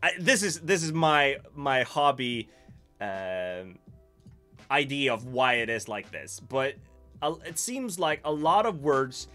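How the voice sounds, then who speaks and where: Man, Swedish accent, livestream host, casual chat, self-mocking, sharp bright tone, faint music behind. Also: medium pitch, lively intonation, slow pace. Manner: musing, self-mocking, reads chat aloud.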